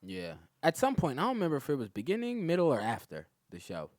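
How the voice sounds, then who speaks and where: A man's voice: fairly high pitch, fast talker, no room sound, clean studio sound. A man, a comedian guest on a podcast, telling a story in casual talk, acting out what other people said and laughing often. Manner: animated, acts out other people's lines, laughs a lot.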